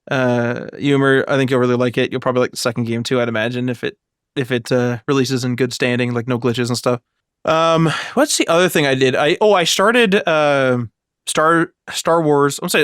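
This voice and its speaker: A man's voice: mid-range voice, fairly bright tone, dry recording, clean studio sound. A man casually chatting about video games on a podcast, rambling with lots of fillers. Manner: rambling, filler-heavy, acts out voices when retelling. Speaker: podcast co-host.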